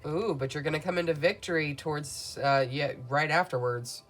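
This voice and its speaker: A woman's voice: sits low, normal speed, faint music behind. A woman reading tarot cards for her viewers in a soothing, affirming way. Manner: soothing, affirming, speaks to viewers as "beautiful souls". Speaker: tarot reader.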